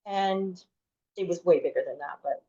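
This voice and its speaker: A woman's voice: lowish voice, moderate pace, dark tone. Chatty woman, dull lo-fi podcast audio. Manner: chatty, heavy use of "like", frequent restarts. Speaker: podcast guest. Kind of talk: personal storytelling in a podcast interview.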